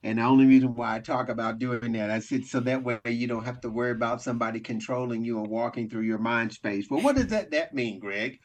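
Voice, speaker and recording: A man's voice: mid-range voice, fast talker, hardly any pauses. A man co-hosting a casual talk show as a coach, easygoing and chuckling as he acts out little scenes. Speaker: coach and co-host. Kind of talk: casual chat.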